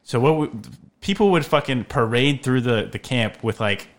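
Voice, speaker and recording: A young man from the United States talks loosely in casual chat. He swears often and jokes his way through stories, his pitch sitting in an ordinary middle range. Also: animated, normal speed. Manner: profane, jokey, mimics people in high voices.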